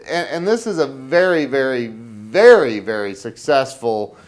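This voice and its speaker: A man hosting his own business web show, talking casually to camera and rambling with many restarts, getting excited as he tells a story. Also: medium pitch, measured pace. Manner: gets excited telling a story.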